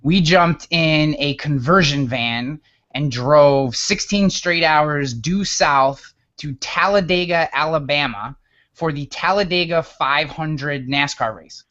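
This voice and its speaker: A man in his thirties from upstate New York, telling a story as a guest in a casual interview, animated and often restarting his words. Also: a little high, slow, dull audio. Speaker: guest author.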